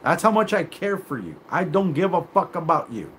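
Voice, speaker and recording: Man, livestream host, confrontational, profane, rambling, quite animated delivery. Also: a little high, normal speed, a little hiss or hum. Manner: rambling, with many fillers and restarts. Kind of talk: live rant on a stream.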